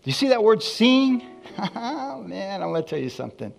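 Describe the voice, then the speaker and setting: A man preaching a sermon in a church. He keeps asking the congregation for responses and drops into quiet asides between loud, emphatic points. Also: high-pitched, very animated, normal speed, creaky, faint music behind. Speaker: pastor.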